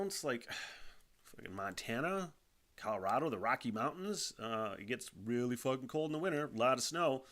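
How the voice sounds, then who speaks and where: A man hosting a solo podcast, rambling loosely and swearing freely, with sighs and chuckles scattered through his talk. His mid-pitched voice sounds bright and forceful. He speaks from a home studio. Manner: rambling, profane, frequent sighs and laughs. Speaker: podcast host. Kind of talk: casual rambling monologue.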